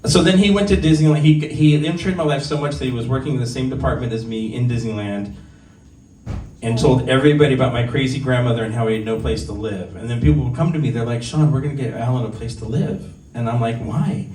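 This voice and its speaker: A man's voice: medium pitch, fast, a little mellow. A man in his forties doing a stand-up set at a bar open mic, telling stories candidly and making fun of himself. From Southern California. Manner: candid, conversational, self-deprecating storytelling. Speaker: stand-up comedian. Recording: echoey room, distant mic, faint ambience.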